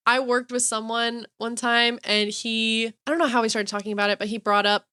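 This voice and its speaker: A young woman, co-hosting a podcast in casual chat, giggly and animated as she tells stories. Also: a little high, brisk, clean tone, no room sound, clean studio sound. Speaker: podcast co-host.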